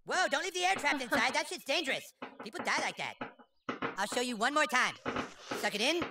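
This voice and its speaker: A man's voice: very high voice, expressive, a little fast, noisy background. A man voicing a bossy, pompous boy who plays a grand wizard, with a crude and commanding manner, in video game voice acting. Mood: instructing. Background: game music.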